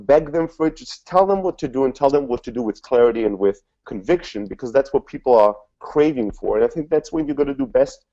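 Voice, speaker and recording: Fast-talking man giving a panel talk. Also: medium pitch. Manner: energetic, lots of "like" and "you know" fillers. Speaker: panel speaker. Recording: dull lo-fi event recording.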